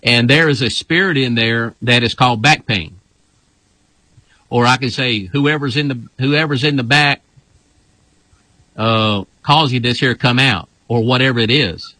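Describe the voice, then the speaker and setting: A man's voice: mid-range voice, a little slow, pushed and bright, no room sound, low-quality recording. A man, a pastor, teaching in a casual, emphatic way and often repeating his phrases.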